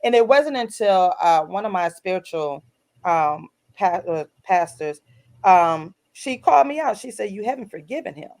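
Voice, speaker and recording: Middle-aged lady on a podcast, earnest storytelling, gets animated acting out the other folks. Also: on the low side, measured pace, gravelly. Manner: earnest, animated, retells scenes in voices. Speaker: author and guest co-host.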